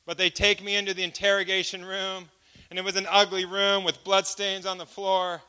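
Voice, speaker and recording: A man preaching a personal testimony as an animated storyteller who acts out each exchange of dialogue. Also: high voice, moderate pace, clear, resonant tone. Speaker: speaker giving a testimony.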